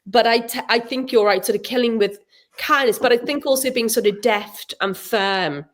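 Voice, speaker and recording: A middle-aged woman, an author, chatting as a guest and telling animated stories, acting out the people she quotes. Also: fairly high pitch, moderate pace. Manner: animated storyteller, acts out quotes, frequent laughs. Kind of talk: casual chat.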